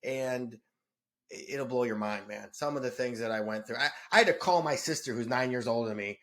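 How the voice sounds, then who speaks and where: A man's voice: medium pitch, brisk, fairly bright tone. A middle-aged man from Detroit, a podcast guest talking earnestly and emotionally, often stammering and repeating words. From Detroit, USA. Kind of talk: casual conversation.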